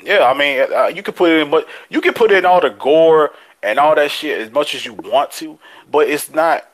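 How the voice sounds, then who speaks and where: A man's voice: on the high side, animated, moderate pace. A man co-hosting a podcast in casual chat, laid-back and heavy on profane slang. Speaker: podcast co-host.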